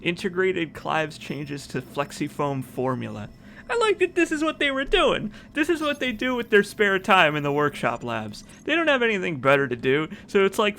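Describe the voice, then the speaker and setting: Man, gamer commentary, bright tone, animated pitch, chatty, reading notes aloud. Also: normal speed, gravelly, a little hiss or hum. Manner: chatty, giggly, reads in-game notes aloud. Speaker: let's play streamer. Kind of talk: casual gameplay commentary.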